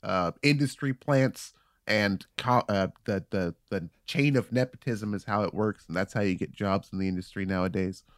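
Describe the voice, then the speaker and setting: A man co-hosting a loose comedy podcast. He rambles through his points with halting restarts and casual swearing. His voice is recorded dry and close, with little room sound. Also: fairly low pitch, no room sound. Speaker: podcast co-host.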